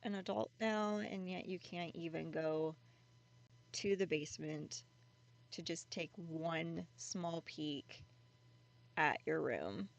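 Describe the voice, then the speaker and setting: A woman's voice: low-pitched, slow, gravelly, heavily acted. A woman telling a story, voicing a young woman who goads and mocks her friend in a casual, teasing way. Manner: teasing, goading.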